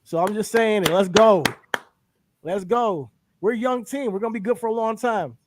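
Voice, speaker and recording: A man's voice: high-pitched, moderate pace, dry recording. A young man co-hosting a podcast, chatting casually about sports and boasting that his team will win, often repeating himself.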